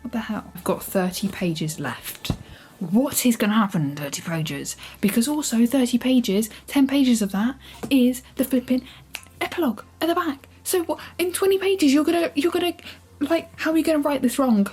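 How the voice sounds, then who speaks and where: A young woman reacting out loud to a book she is reading, exasperated, swearing and scolding the characters, sometimes dropping to a whisper. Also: high voice, expressive, normal speed. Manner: drops into whispers at times. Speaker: book vlogger. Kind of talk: casual reading vlog reactions.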